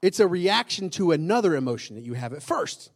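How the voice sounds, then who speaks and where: A man's voice: high-pitched, sing-song, a little fast. A man preaching a sermon to a congregation in a conversational style, often asking the room questions and repeating key lines for emphasis. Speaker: pastor.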